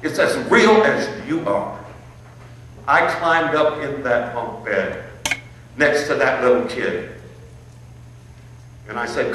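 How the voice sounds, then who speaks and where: A middle-aged man from Illinois, an inspirational speaker telling a personal story on stage with emphatic, dramatic pauses and repetition. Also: medium pitch, lively intonation, sharp tone. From Illinois, USA. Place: large hall on stage. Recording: echoey hall, mic far off, faint noise.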